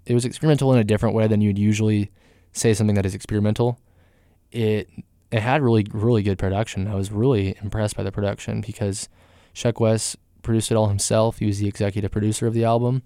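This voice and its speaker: Low, warm-voiced man podcasting. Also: clean tone, no echo, studio quality. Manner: rambling, filler-heavy, candid opinions. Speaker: podcast host. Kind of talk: casual solo music news podcast.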